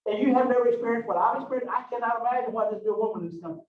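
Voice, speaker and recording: A man's voice: very high-pitched, racing. A middle-aged man lecturing a college class in a rambling, folksy way full of asides. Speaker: college anatomy instructor. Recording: distant roomy lecture recording, dull lo-fi sound.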